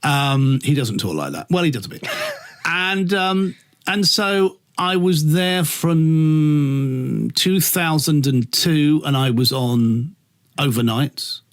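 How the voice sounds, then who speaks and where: A man who works as a radio presenter, telling stories as a guest in a casual chat, animated, laughing often and swearing freely. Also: fairly high pitch, takes it slowly.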